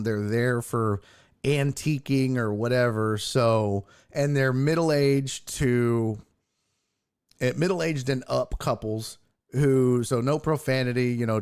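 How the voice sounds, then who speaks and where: A man's voice: medium pitch, a little mellow, clear, resonant tone. A man hosting a sports podcast, telling a loose, profane road story. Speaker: sports podcast host and comedian. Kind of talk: casual storytelling.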